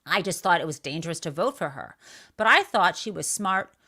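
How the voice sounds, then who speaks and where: A woman's voice: lowish voice, lively intonation, a little fast, bright, forceful tone. A woman hosting a live political podcast, blunt and outraged, swearing freely as she talks. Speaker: livestream podcast host. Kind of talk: casual political livestream commentary.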